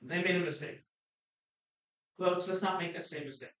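A woman pastor preaching a sermon, swinging between fervent shouts and quiet, low asides. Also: normal speed. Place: church sanctuary. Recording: very echoey hall, mic far off.

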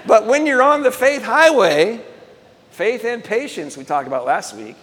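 A middle-aged man preaching in a storytelling way, lively and animated. His voice sits high for a man. It carries with a long reverb, as if he is in a large hall. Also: moderate pace. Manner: animated, acts out quoted voices. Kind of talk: storytelling sermon.

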